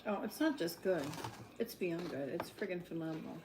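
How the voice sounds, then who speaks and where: A woman's voice: fairly low pitch, animated, normal speed, background noise. Playful, sassy woman co-host. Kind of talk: casual live-stream chat.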